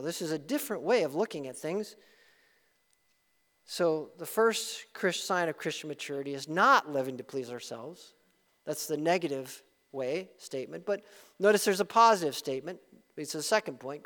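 A man's voice: high-pitched, a bit bright, long reverb tail. A man preaching a sermon as pastor, earnest and emphatic, with rising bursts of emphasis.

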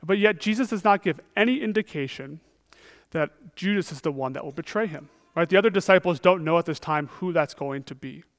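Man, sermon preacher, slightly high voice, earnest, swings from emphatic to hushed. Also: fairly quick. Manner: earnest, frequent rhetorical "right?", shifts between emphatic and hushed.

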